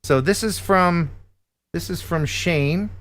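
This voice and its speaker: A man's voice: a little high, slow pace. A man from the United States hosting a live stream from home, chatting casually and cracking jokes. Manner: jokey, animated banter. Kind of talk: casual chat.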